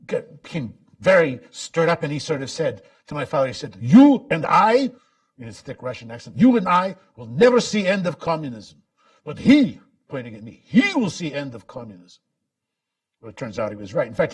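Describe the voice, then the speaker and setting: Man, author's lecture, halting restarts, emphatic surges, mid pitch, distant from mic. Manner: halting, many restarts, emphatic swings in loudness. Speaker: author giving a book talk. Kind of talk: public lecture. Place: lecture event.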